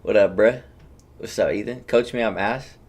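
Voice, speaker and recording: A man's voice: fairly low pitch, moderate pace, a little mellow. A young man streaming and coaching a game, chatting casually with his viewers, rambling and joking as he greets them by name. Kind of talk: casual livestream chat.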